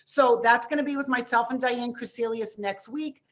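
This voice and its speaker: A woman with a New York accent hosts an online webinar, her voice sitting a little high. She talks in a brisk, chatty, enthusiastic rush, plugging resources and thanking her guest over a video call. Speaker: webinar host. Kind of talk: casual webinar wrap-up.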